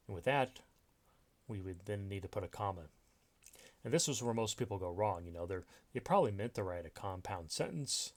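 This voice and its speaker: A man teaching a recorded grammar lesson over slides, explaining step by step with many fillers and restarts. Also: on the low side. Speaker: writing instructor.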